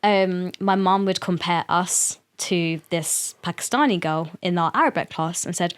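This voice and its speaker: A woman's voice: fairly low pitch, a little slow, few pauses, smooth. A young woman, a podcast guest, chatting casually, laughing often and swearing freely as she acts out her mother in quotes.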